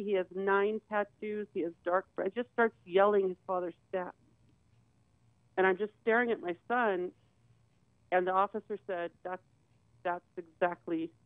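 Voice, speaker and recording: A woman guest recounts a personal story, acting out each back-and-forth line of dialogue as she goes. Her voice is smooth and clear. It comes through a narrow, phone-like line with a dry, close sound. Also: medium pitch, no echo. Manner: retells conversations with quoted dialogue.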